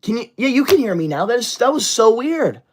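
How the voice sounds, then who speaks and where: A woman's voice: a little high, sing-song, fairly quick, a little hiss or hum. A woman, livestreaming from home on a laptop and reading viewer comments aloud in an indignant, scolding way. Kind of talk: casual live stream chat. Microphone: laptop setup.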